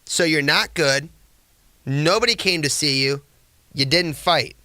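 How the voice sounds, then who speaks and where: Sarcastic male podcast host, bright, tense tone, dry close sound. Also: a little high, measured pace, no room sound. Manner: sarcastic, mocking, rambling. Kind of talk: casual sports commentary.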